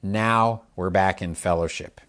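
Deep and steady yet fairly bright in tone, an older man's voice carries a sermon in which he explains slowly, asks listeners questions, and illustrates with hand gestures.

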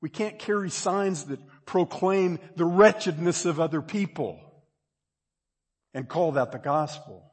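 Husky preacher man in a big hall. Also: a little high, measured pace. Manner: conversational, builds to loud emphatic peaks, repeats words. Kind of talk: sermon. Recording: long reverb of a large hall.

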